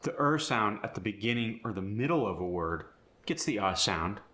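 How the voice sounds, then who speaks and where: A man's voice: fairly low pitch, lively intonation, normal speed, pushed and bright. A man teaching an accent, explaining each sound change step by step before reading an example sentence. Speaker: accent coach. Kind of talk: accent tutorial.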